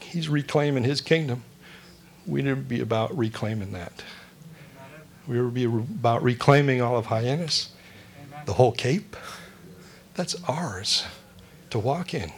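A man's voice: medium pitch, moderate pace, pauses often. A male pastor giving a conversational sermon, joking and asking the congregation questions.

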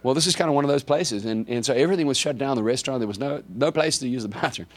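A South African man, a preacher, telling a story in a sermon, animated and anecdotal, often repeating words as he goes. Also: mid-range voice, racing.

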